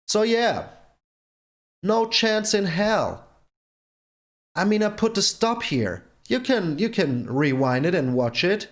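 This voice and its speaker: A man hosting his own gameplay channel, commenting on a card game in an exasperated rant that keeps repeating itself. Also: high-pitched. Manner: exasperated ranting, repeats himself. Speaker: channel host.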